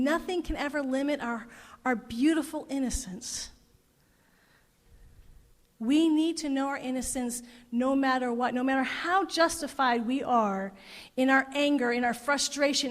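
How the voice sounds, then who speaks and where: A middle-aged woman minister giving a sermon, telling a story with emotion and voicing the people in it. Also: sits high. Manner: emotive, retelling a story with quoted voices. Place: parish hall. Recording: long hall reverb.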